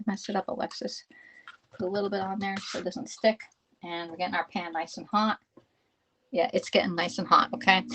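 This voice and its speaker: With a fairly low voice, a fifty-something woman from Pennsylvania who has a Southern US accent runs a casual live cooking demo at home, talking viewers and herself through every step. It's a low-quality recording with a little hiss or hum.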